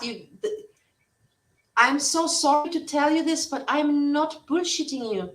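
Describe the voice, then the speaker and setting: A woman's voice: on the high side, expressive, measured pace, a bit bright, roomy sound, far from the mic, rough recording. A woman hosting a casual livestream chat, rambling and blunt, swearing freely. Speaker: livestream host.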